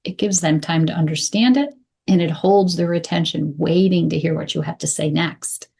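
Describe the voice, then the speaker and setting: A woman coaching clear English, speaking deliberately and modeling phrases slowly with pauses. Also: sits low, mellow. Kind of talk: instructional talk to camera.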